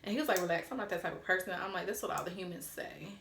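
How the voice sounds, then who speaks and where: A woman's voice: fairly low pitch, very fast, background noise. A young woman vlogger telling a story casually, blunt and frank, swearing freely and mimicking the texts she got. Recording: roomy echo.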